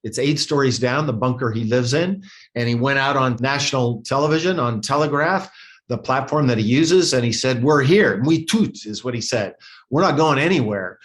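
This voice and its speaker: A man's voice: medium pitch, expressive, normal speed. An older man from the United States, a former ambassador answering interview questions in an earnest, conversational way, often restarting words and using fillers. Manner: earnest, repeats words, many "you know" and "uh" fillers.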